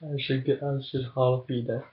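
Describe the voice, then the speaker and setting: A man's voice: medium pitch, level tone, normal speed. A man chatting crudely on a webcam, cursing and rambling. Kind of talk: casual chat. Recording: dull lo-fi webcam audio.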